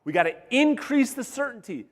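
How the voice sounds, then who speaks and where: A man coaching real estate agents at a live workshop, energetic and blunt, swearing and quizzing the audience, his voice wearing out. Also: extremely high pitch, moderate pace. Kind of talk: live workshop teaching to a room. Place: large room with live audience. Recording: long hall reverb.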